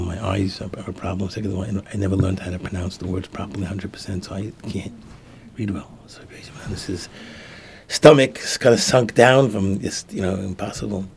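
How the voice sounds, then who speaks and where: A low, gravelly male voice belongs to a rabbi telling a story in a sermon. He drops to soft, hushed tones whenever he acts out the dialogue, over a faint hiss of background noise.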